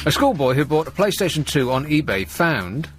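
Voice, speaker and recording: A man hosting a late-night radio show, chatting and joking as he rambles through the stories. His pitch moves around a lot, lively and animated. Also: normal speed. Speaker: radio host. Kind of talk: casual radio chat.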